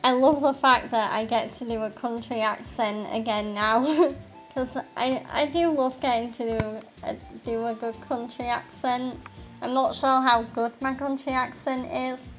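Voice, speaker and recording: Giggly woman streamer rambling over a game, slow talker, faint music behind. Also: a little high, fairly even intonation, low-quality recording. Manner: giggly, rambling, lots of fillers. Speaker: gaming streamer. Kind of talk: let's play commentary and reading lines aloud.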